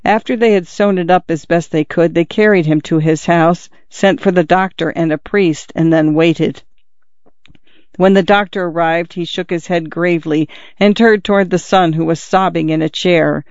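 Man, audiobook narration, measured, clear voice, high pitch. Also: steady tone, a little mellow, no room sound, highs cut off. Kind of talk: audiobook reading of a classic short story.

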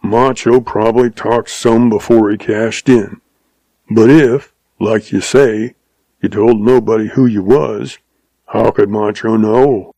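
A man voicing an irritable, grumbling old male rancher with a gruff, growling drawl. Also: on the low side, steady tone, takes it slowly, mellow, no echo, full character voice, low-quality recording.

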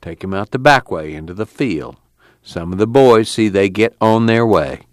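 A man's voice: lowish voice, normal speed, no echo, studio quality, lightly acted. Man doing a sly camp tough.

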